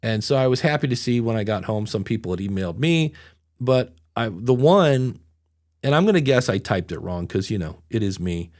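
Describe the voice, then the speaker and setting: Low-pitched, expressive and darkish in tone, a middle-aged man talks at a moderate pace while hosting a podcast. His casual storytelling wanders and pokes fun at himself.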